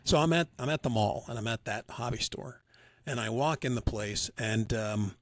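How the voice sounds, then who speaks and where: A man's voice: medium pitch, moderate pace, no room sound. Dry-sounding male podcast storyteller. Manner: relaxed storyteller, acts out dialogue. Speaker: podcast co-host. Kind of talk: casual chat.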